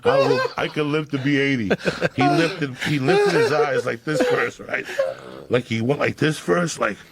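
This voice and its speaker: A man in his fifties from Cuba, telling crude stories on a podcast in a profane, animated way. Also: mid-range voice, normal speed, over a noisy crowd. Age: 50s. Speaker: comedian guest. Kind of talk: storytelling on a podcast.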